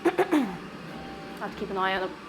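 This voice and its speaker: A woman's voice: mid-range voice, flat delivery, brisk, noisy background. A woman chatting casually with her live-stream chat while baking in her home kitchen, bubbly and reading out and answering messages.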